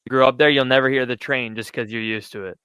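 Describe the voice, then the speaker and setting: A man's voice: medium pitch, steady tone, quick pace, sharp tone, clean tone, dry recording. A young man hosting an interview, casual and eagerly impressed by his guest. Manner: enthusiastic, easily impressed. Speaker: podcast host.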